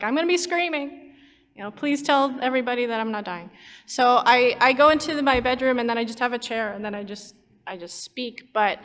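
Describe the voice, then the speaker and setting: A woman with a fairly high voice chats on a convention panel, giggling and piling up fillers as she goes. Her voice carries a long reverb from the hall around her. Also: fairly bright tone. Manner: chatty and giggly, many fillers and restarts. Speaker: panelist, YouTube storyteller. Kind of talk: casual panel chat.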